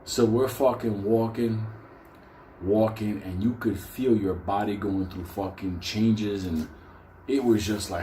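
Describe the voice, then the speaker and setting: A man's voice: on the low side, fairly even intonation, takes it slowly, mellow, echoey room, a little hiss or hum. A man telling a story casually, swearing constantly and laughing between lines. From New York.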